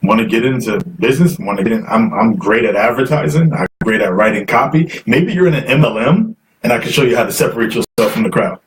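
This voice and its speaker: A man hosting a live call-in stream, chatty and coaxing viewers to phone in while reading comments aloud. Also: lowish voice. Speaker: host. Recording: distant mic, faint noise.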